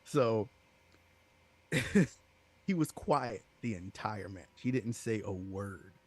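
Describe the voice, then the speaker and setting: A man co-hosting a gaming podcast, telling stories in a casual, animated way and acting out other people's lines. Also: lowish voice, slow pace, husky. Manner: animated, laughing, acts out quoted voices. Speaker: podcast co-host. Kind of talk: casual storytelling chat.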